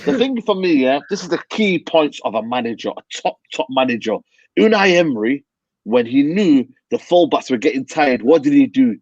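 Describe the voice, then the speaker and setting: A man ranting about football in a hushed voice from a hotel room, emphatic and repeating yeah and man. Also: mid-range voice, animated, normal speed, husky, dry recording, lo-fi sound. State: talking quietly, near a whisper. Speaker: football fan pundit. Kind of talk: heated football rant. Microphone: video call.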